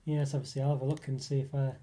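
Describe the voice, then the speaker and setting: Mellow-voiced chatty man on a live stream. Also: medium pitch, level tone, rapid-fire, a little hiss or hum. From northeast England. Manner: rambling, chatty, many fillers and restarts. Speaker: livestream host reading chat. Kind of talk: casual live chat.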